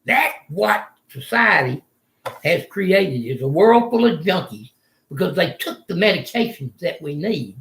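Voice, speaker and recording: A man's voice: high-pitched, very animated, unhurried, creaky, a bit bright, roomy sound. An older man, ranting angrily and profanely in a rambling vlog monologue from a room in a retirement home. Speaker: vlogger.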